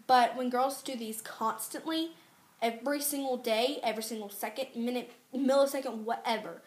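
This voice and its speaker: A teenage girl vlogging in a casual, exasperated rant, chatty and quick to complain. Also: on the high side. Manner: ranting, exasperated, fast and chatty. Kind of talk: casual chat to camera. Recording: echoey room.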